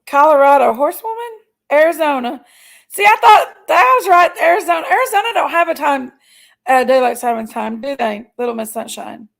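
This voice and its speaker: Lady livestreaming, chatty and playful, kinda high voice with some gravel in it. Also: fairly bright tone, low-quality recording. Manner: chatty, playful, drawn-out exclamations. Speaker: livestream host. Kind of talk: casual chat reading live comments.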